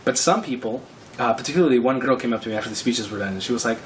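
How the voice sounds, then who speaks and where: A young man casually narrating his own prank in a wry, quick manner. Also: mid-range voice, expressive, a bit bright, far from the mic, low-quality recording. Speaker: prankster telling his story.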